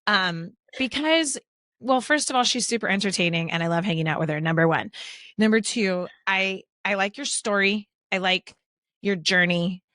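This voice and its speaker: A woman hosting a podcast in casual chat, talking in a chatty, giggly way with quick restarts. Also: medium pitch, fairly bright tone, no room sound, studio quality. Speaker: podcast host.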